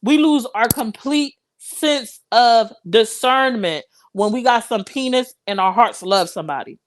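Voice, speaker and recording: A woman's voice: a little high, measured pace. A young adult woman hosting a live stream, talking straight to her viewers in impassioned, preachy casual commentary.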